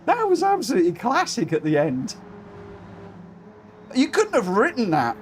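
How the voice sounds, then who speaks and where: A man commentating a racing game live, excitable, cheering drivers on and breaking into shrieks of laughter. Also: very high voice, moderate pace, a little hiss or hum. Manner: cheers drivers on with repeated phrases.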